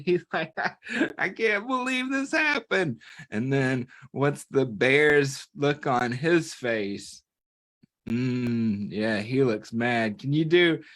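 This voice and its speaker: A man reading a picture book aloud to young children, playful, often stopping to ask them questions. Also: fairly high pitch. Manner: playful and animated, talks to children, asks them to join in. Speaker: children's story reader.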